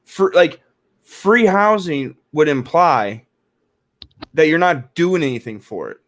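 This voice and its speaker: A man's voice: fairly high pitch, animated, slow, fairly bright tone. A man in a casual podcast debate, insistent, repeating words and saying "like" often. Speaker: podcast panelist.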